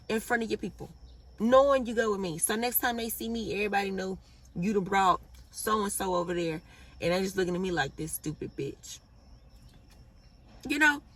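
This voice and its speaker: A young woman vlogger telling a storytime in a casual, animated and profane way. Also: mid-range voice, brisk, far from the mic. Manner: animated, blunt and profane, laughs at her own story.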